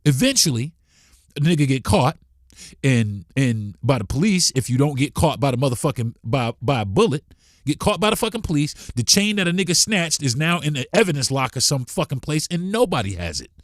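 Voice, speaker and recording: A man's voice: a little high, very animated, a little fast, no echo, clean studio sound. A man hosting a podcast, delivering a blunt, profane, heated monologue. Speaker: podcast host.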